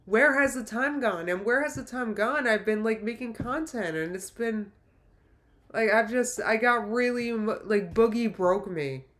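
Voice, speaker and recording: A woman's voice: fairly high pitch, moderate pace, a bit bright. A woman in her late thirties chatting casually on a livestream, reading viewer comments in an emotional, rambling way with many restarts. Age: late 30s. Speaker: YouTuber livestream host.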